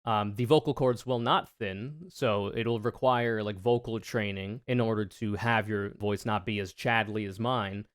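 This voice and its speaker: A man's voice: lowish voice, measured pace, few pauses, clean tone, no echo, clean studio sound. Sarcastic, profane male streamer. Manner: profane, sarcastic, animated ranting. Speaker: streamer reacting to debate clips. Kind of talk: casual reaction commentary.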